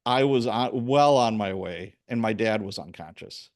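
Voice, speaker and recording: A man hosting a podcast, chatting casually and telling a personal story with lively acted-out quotes. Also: fairly low pitch, a little slow. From Chicago area. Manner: animated storyteller, acts out quoted voices. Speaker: podcast host. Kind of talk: casual interview conversation.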